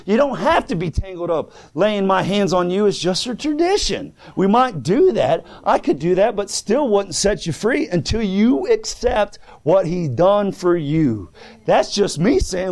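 Man, preacher, sermon, folksy plain talk, fervent, fairly high voice. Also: big pitch swings, measured pace. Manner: folksy plain-spoken storytelling; fervent, swings soft and loud. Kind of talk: sermon answering written questions.

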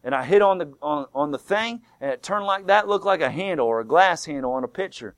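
A man preaching a sermon, fervent and swinging from loud to hushed. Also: a little high, animated, a little fast, no room sound. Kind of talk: sermon retelling a vision.

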